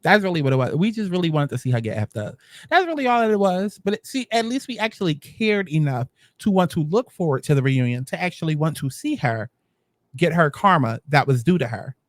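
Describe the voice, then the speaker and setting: A man's voice: fairly high pitch, big pitch swings, a little fast, no room sound. A man giving a sassy, dramatic casual recap of a reality show, mocking the cast as he talks.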